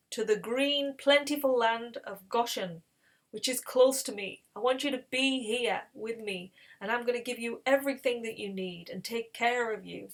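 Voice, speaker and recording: A woman voicing an emotional man who reveals himself to his brothers, speaking with a raised, pleading voice. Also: a little high.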